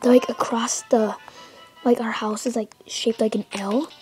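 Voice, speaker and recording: A teenage girl hosting gameplay commentary from home, rambling excitedly and trash-talking the game. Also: fairly high pitch, unhurried, soft background music. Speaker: let's play host.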